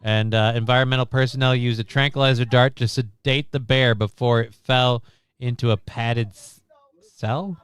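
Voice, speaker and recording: Crude-joking man, smooth dry voice. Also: mid-range voice, fairly even intonation, moderate pace, no room sound. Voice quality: voice prone to cracking. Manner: crude joking, swears often. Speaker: stream co-host. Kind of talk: casual chat.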